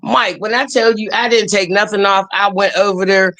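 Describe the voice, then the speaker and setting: A woman tells stories in casual chat. She is blunt and profane and keeps a lively pace. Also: medium pitch, moderate pace. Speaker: guest.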